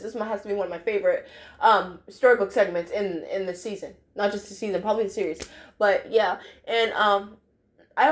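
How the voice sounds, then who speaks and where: A young woman chatting casually in a review vlog, full of fillers and phrases she repeats. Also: medium pitch. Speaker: cartoon episode reviewer.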